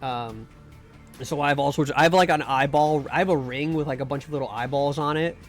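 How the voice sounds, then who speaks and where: A man's voice: fairly high pitch, a little fast, faint music behind. A man streaming live, chatting casually and rambling with jokes while playing a game. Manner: rambling and joking, with restarts and mock pleas. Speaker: streamer and VTuber. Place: home room.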